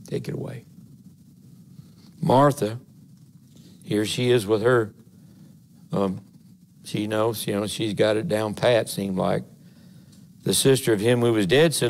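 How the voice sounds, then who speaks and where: A man's voice: on the low side, steady tone, takes it slowly, pauses often. A man, an assistant pastor giving a conversational sermon in a church, earnest and folksy, rising to emphatic passages. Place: church sanctuary.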